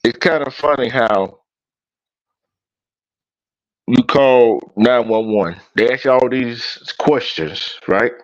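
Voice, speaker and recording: A man's voice: mid-range voice, takes it slowly, pauses often, dry recording. A man co-hosting a casual live stream chat, rambling and asking questions aloud. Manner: rambling, repeats himself, asks questions aloud. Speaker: co-host. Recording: dull, dry lo-fi stream audio.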